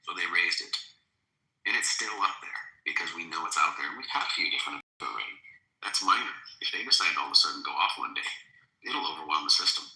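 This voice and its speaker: A man with an extremely deep voice leads a casual political talk show. His tone is crisp and bright, and he speaks earnestly, pressing his points with emphasis. The sound is roomy, with echo around him. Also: animated, fast talker. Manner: earnest, building to alarmed emphasis. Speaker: podcast host.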